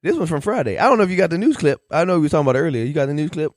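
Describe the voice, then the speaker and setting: A man's voice: a little high, sing-song, racing, no echo, clean studio sound. A man co-hosting a casual podcast, cracking jokes and cutting in with crude asides. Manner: wisecracking, interjecting, profane. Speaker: podcast co-host.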